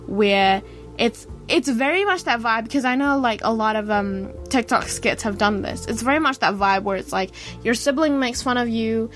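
A young woman from New Zealand talking casually on her radio show, rambling and animated, full of fillers and acted-out quotes. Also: fairly high pitch. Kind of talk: casual solo radio talk. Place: radio studio.

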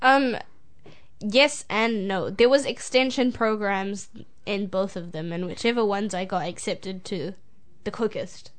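A woman's voice: medium pitch, measured pace. A teenage girl, telling a school story in casual chat and laughing often. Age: teens. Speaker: student storyteller.

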